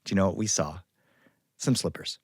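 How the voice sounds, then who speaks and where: A man telling a personal childhood story, playful and lively, asking the audience questions. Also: deep voice, fairly quick, slightly rough, dry recording, studio quality. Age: adult.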